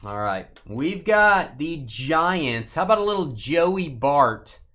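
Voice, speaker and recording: A man's voice: on the high side, very animated, slow pace, a bit bright, a little hiss or hum. A man hosting a live sports card break stream, chatting casually with playful, rambling jokes. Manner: playful, rambling, jokey asides while opening packs.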